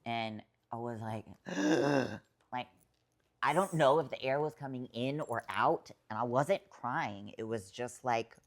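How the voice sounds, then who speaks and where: A woman's voice: extremely low pitch, measured pace. A woman guest on a podcast, telling a personal story in casual, rambling talk full of fillers and swearing, emotional at times. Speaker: podcast guest, writer and poet.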